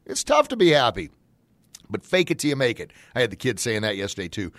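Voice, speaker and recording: Speaking fast in a mid-range voice with no room sound, the host of a motivational talk show stays folksy and upbeat. When he acts out examples, he bursts into excited shouts.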